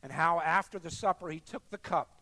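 A man with a high, light voice preaching as the pastor of a church. He swings between hushed, intimate murmurs and loud, emphatic bursts, and turns to prayer before communion. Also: fairly quick, no echo. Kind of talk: sermon. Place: church sanctuary.

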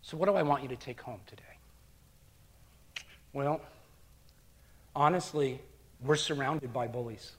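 A middle-aged man preaching a sermon as pastor, earnest, dropping to hushed near-whispers and rising to loud emphatic bursts. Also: mid-range voice, measured pace, long pauses.

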